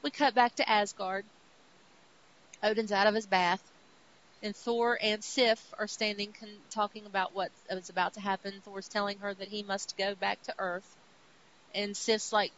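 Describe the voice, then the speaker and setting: A woman's voice: medium pitch, moderate pace. A woman co-hosting a podcast, casually recapping a comic book and acting out its characters' lines. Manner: animated retelling with acted-out quotes. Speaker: podcast co-host. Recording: dull lo-fi audio with faint hiss.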